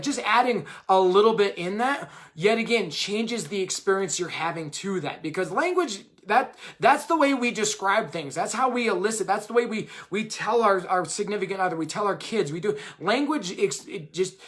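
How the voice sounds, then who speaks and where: A man's voice: high-pitched, a bit bright. A man co-hosting a live video chat, talking casually and rambling, full of "like" and "right?". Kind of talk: casual live-stream talk.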